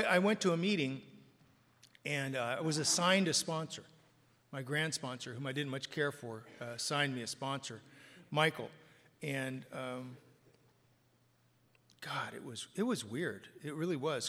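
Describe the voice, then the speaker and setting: A middle-aged man shares his story with a crowd in a wry, self-mocking way, dropping to hushed asides and then rising to loud bursts. His voice sits a little high and sounds bright and forward. The sound rings with a long reverb from a large meeting hall. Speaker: speaker sharing his recovery story. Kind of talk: personal testimony to a live audience.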